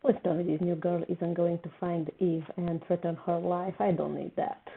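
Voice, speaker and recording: A woman's voice: fairly low pitch, flat delivery, moderate pace, creaky. A woman hosting a casual TV reaction video, talking emotionally and repeating herself when upset. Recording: tinny phone-like sound with faint noise.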